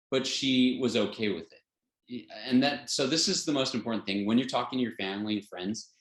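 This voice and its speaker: Low-voiced earnest male instructor. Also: a bit bright. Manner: earnest, chuckles often, many fillers and restarts. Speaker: health class instructor. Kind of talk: informal teaching talk. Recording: roomy echo.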